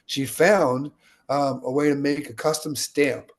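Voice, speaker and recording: A man with a gravelly, fry-edged voice of middle pitch tells stories as an interview guest. He talks with energy and jumps into the voices of the people in his anecdotes. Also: measured pace. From United States. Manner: energetic, animated storyteller acting out quotes. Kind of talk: interview storytelling.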